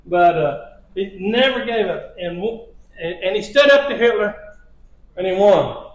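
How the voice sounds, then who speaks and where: Preacher, male, high-pitched, chuckling storyteller, roomy church sound. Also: expressive, measured pace, lo-fi sound. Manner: storytelling with repeated phrases and chuckles. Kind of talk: sermon lesson. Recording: echoey church hall.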